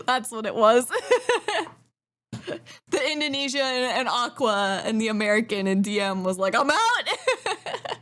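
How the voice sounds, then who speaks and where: A young woman from Western Canada talks casually to her stream. Her voice sits a little high for a woman, and she giggles often, rambling on with plenty of fillers as she chats. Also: unhurried, pauses often, a bit bright. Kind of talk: casual chat on a live stream.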